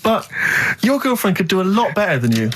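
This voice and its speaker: Mocking English co-host, lively pitch. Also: male voice, brisk, very noisy. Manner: mocking, dry insults. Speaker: radio co-host. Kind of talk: casual radio banter.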